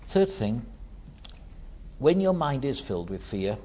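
A man preaching a sermon, dramatic, swinging from hushed words to loud ones. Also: medium pitch, sing-song, measured pace, muffled recording.

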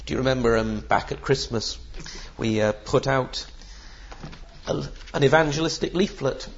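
A man preaching a sermon in an emphatic, rhetorical way, with the odd filler. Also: fairly high pitch. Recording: dull lo-fi sermon recording.

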